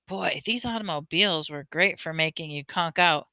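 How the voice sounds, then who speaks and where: A woman reads a children's novel aloud in a lively storytelling manner. Her voice is bright and smooth, with a dry, close sound and no room around it. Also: low voice, moderate pace, hardly any pauses, dry recording. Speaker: audiobook reader.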